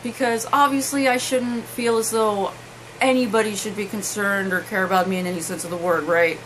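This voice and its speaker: A young woman telling a personal story to camera, halting and emotional, with many restarts. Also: medium pitch, fairly even intonation, fairly bright tone, slight background noise, poor audio. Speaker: vlogger.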